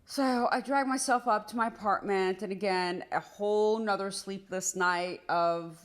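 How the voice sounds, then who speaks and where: A woman's voice: mid-range voice, a little slow. A woman telling her own relationship story in a casual storytime, acting out the quoted lines. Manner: animated, acts out quoted dialogue.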